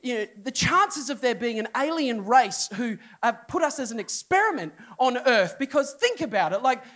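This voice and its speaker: A man's voice: very high-pitched, normal speed. A middle-aged man, a pastor, telling a funny story to a congregation, acting out the people in it. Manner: animated storyteller, acts out people, voice jumps up for inner outbursts. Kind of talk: humorous sermon storytelling. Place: church hall before a congregation.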